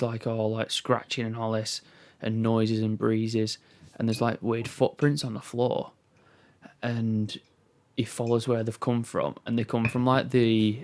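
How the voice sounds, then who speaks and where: A young man chatting casually as a podcast co-host, telling rambling stories full of fillers and quick laughs over a remote recording. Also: fairly low pitch, a little mellow. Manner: rambling storyteller, heavy on fillers, laughs easily. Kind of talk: casual chat. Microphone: remote call recording.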